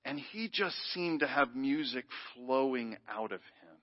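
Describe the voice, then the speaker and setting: A man's voice: medium pitch, expressive, a little slow. Man preaching in a reverberant church. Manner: playful, leads congregation in call-and-response. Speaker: pastor. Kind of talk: sermon. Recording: muffled sound with long hall reverb.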